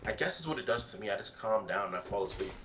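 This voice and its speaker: A man's voice: lowish voice, expressive, very fast, fairly bright tone, slight background noise. A young man streaming a game, chatting casually in a rambling, joking way. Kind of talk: casual chat while gaming on stream.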